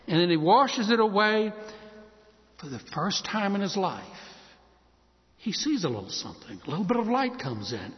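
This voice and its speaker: A male preacher telling a story in a sermon, animated and acting out the scenes. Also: high voice, moderate pace. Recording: dull recording with long hall reverb.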